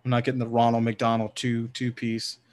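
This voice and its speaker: A man's voice: mid-range voice, monotone, a little fast, darkish tone. A man from New Orleans co-hosting a casual sports podcast, laughing often and swearing freely. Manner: laughing, loose and profane. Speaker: podcast co-host. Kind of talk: casual chat.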